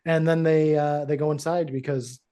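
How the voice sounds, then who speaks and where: A man hosting a podcast, retelling an episode in a casual, animated way and acting out the characters' lines in quick little voices. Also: fairly high pitch. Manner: animated storyteller who acts out character lines. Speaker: podcast host. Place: studio.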